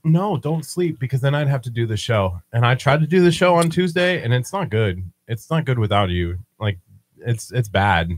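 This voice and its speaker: Man, morning show co-host, storytelling, self-mocking, lively up-and-down pitch. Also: moderate pace. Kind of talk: casual chat on a live-streamed morning show.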